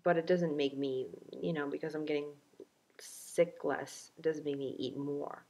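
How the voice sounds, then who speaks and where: A young woman rambles through a casual video diary, chatty and self-mocking, her speech full of fillers and restarts. Her voice sits a touch lower than most women's. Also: fairly even intonation, a little slow, mellow. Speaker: vlogger.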